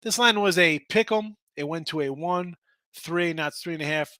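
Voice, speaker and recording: A man hosting a sports betting stream talks straight to the chat, reading viewer comments loosely and going off on rants. His voice is a little high and bright with a forceful tone, at a moderate pace, with no echo.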